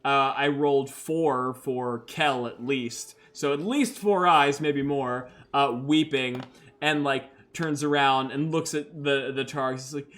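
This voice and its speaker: A man's voice: fairly high pitch, fairly even intonation, measured pace, a bit bright. A man hosting and narrating a solo tabletop role-playing game in a loose, chatty way, full of fillers, who laughs at his own dice rolls. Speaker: game master and host.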